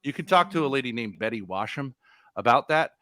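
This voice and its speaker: A man's voice: mid-range voice, expressive, a little fast, bright, forceful tone, no room sound. A middle-aged man in crude, mocking casual chat on a live stream, telling stories bluntly. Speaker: stream guest.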